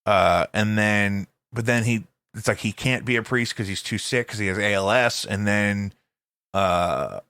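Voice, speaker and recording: A man hosting a podcast, talking in a loose, rambling way full of "um"s and restarts. His voice is bright and forward, recorded close and dry with no room sound around it. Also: lowish voice, a little slow, clean tone, dry recording. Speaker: podcast host. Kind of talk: casual chat.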